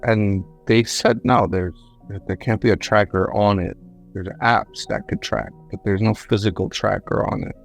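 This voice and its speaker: Man, low voice, casual storyteller who trips over his words, faint music underneath. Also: fairly even intonation, normal speed, vocal fry. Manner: rambling, self-correcting, repeats words. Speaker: guest, government contractor. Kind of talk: conversational storytelling.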